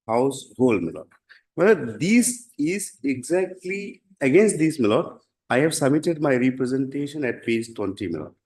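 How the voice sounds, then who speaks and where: Halting Indian English man addressing the bench. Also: mid-range voice, darkish tone. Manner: halting, deferential, repeats 'my lord' constantly. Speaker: litigant arguing his case in court. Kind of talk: formal courtroom submission.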